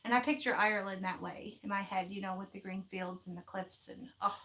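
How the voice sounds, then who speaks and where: Lady chatting live on her craft channel, folksy, laughs a lot, mid pitch. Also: fairly even intonation, fairly quick, pushed and bright. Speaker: craft vlogger hosting a live chat. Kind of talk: casual live-stream chat, reading viewer comments.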